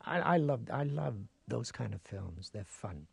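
Older guy, husky gravelly voice, animated, does voices and laughs, dry mic. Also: medium pitch, a little slow, hardly any pauses, dry recording. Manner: animated storyteller who acts out voices and laughs. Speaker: actor guest. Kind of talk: interview storytelling.

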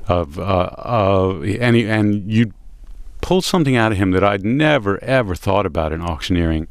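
Radio host, male, very deep voice, dry close mic, chatty and eager. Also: expressive, normal speed, smooth, no echo. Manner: enthusiastic, conversational, with fillers. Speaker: radio music show host. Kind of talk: radio interview.

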